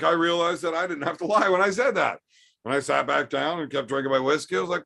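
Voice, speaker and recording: Brief: tipsy male stream host, gravelly voice, foul-mouthed and rambling. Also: a little high, fast talker, bright, forceful tone. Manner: profane, rambling storyteller. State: drinking, tipsy. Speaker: livestream host reading chat. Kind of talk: casual storytelling chat.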